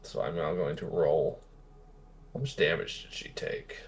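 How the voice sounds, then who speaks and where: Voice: rumbling low, expressive, unhurried, faint music behind. A person running a tabletop game as game master, narrating and laughing often.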